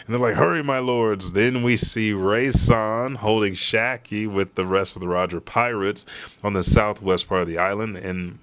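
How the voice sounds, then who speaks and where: Low-voiced young guy, excitable fan narration, swears freely, chatty live read. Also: normal speed, no room sound. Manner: excitable, profane, fan-style commentary. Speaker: host reading a manga chapter live. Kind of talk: casual live read with commentary.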